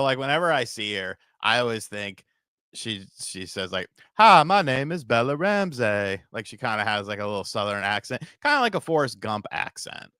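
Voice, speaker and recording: A man's voice: medium pitch, pushed and bright, clear, resonant tone, dry recording, clean studio sound. A man hosting a podcast livestream in a rambling, casual way, swearing and reading donations, tired from a short night. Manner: rambling, swears casually, laughs at own bits. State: tired from little sleep. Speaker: podcast host.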